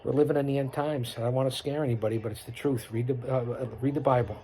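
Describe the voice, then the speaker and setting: This middle-aged podcast host speaks quickly in a steady, darkish mid-range voice, with few pauses, as he delivers unscripted commentary during a wrestling broadcast. He's boastful and preachy, repeating himself and rattling off lists.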